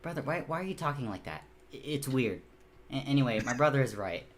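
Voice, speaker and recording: A man's voice: mid-range voice, expressive, a little fast, a little hiss or hum, close to an everyday voice. A man voicing a blunt young farm girl who is chatty, casual and a bit impatient with her brother, in a tabletop game.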